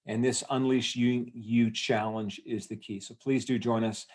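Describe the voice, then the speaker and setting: A man in the middle of a motivational speech over a video call, rallying his listeners and throwing questions at them. His voice sits at an ordinary pitch. He talks with plenty of fillers and restarts. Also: a little slow. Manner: energetic, rallying, asks the audience questions, many fillers. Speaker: event host. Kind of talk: motivational talk to an online audience.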